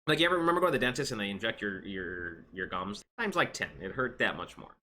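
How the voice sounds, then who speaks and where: Bright-voiced man telling a rambling story. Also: lowish voice, fast, a little hiss or hum. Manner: rambling, animated, with restarts and quoted voices. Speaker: vlogger telling a personal story. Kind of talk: casual storytime monologue.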